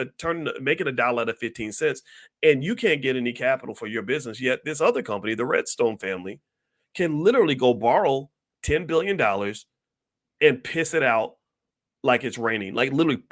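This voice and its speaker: A man's voice: mid-range voice, a bit bright. A man giving heated, rambling commentary straight to his viewers, asking them questions and preaching his point. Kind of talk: direct-to-camera commentary.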